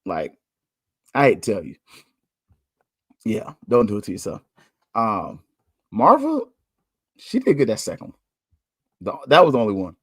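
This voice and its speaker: A man hosting a podcast, talking candidly in a casual monologue, chatty and quick to laugh. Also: lowish voice, wildly swooping pitch, a bit bright, husky, dry recording, studio quality. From United States. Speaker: podcast host.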